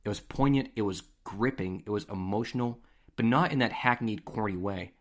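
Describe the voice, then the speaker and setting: A man hosting a podcast, telling stories in a casual, animated, conversational way. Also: lowish voice, normal speed. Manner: animated, conversational, acts out scenes. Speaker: podcast host. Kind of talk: casual storytelling.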